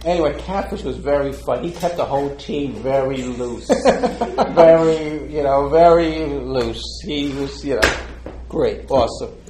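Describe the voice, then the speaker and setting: A man's voice: mid-range voice, a little slow, mellow, slight background noise. An older man being interviewed, telling stories in a heartfelt, rambling way with many fillers and frequent laughter. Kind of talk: casual storytelling. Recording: roomy with faint background ambience.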